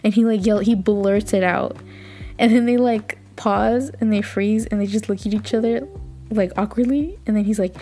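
A woman's voice: on the high side, moderate pace, mellow, faint music behind. Chatty gushing woman podcaster. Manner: chatty, gushing, laughs often, fills with "like". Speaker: podcast host. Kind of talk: casual recap chat.

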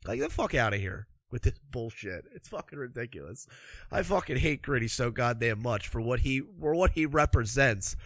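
A man's voice: mid-range voice, expressive, normal speed, a bit bright, no room sound. A man ranting angrily about hockey, sarcastic and swearing constantly, a little congested from allergies. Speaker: hockey commentator. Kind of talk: profane ranting sports commentary.

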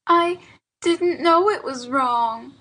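Small tearful boy voiced by a female narrator for a storybook; high, bright, slow, halting delivery. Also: heavily acted. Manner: sobbing, halting, childlike. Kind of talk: audiobook character reading.

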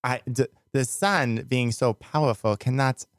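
A man playing a boastful old-time astronomer with a German accent, slow and pompous, in improv comedy. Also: medium pitch, lightly acted. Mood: smug.

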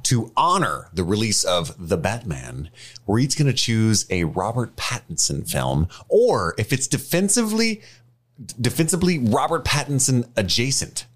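A man's voice: mid-range voice, moderate pace. A man hosting a casual movie podcast, joking and teasing his co-hosts. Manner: joking, teasing, swings into animated bursts. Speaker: podcast host. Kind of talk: casual chat.

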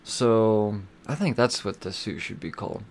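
A man hosting a podcast, casually reviewing comic books in a rambling, excitable way, with lots of fillers and swearing. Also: fairly low pitch, unhurried, slight background noise. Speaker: podcast host.

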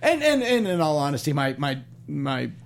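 A man in his fifties, a stand-up comedian, chatting as an interview guest in a halting way with many restarts. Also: fairly high pitch, very animated, creaky, a little hiss or hum. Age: 50s. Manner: halting, full of restarts and fillers. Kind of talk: casual interview chat.

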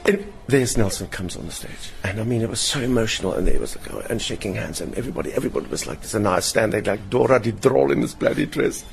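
Older man, gravelly voice, highly animated storyteller; interview guest in a hotel lounge with faint room noise. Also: fast talker, few pauses. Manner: lively, theatrical, mimics other voices in anecdotes. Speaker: satirist and performer, interview guest.

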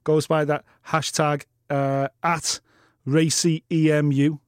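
A man's voice: a little high, flat delivery, slow, clean tone, dry recording, studio quality. A man co-hosting a podcast, chatting casually and teasing his co-host with wry remarks. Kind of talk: casual banter.

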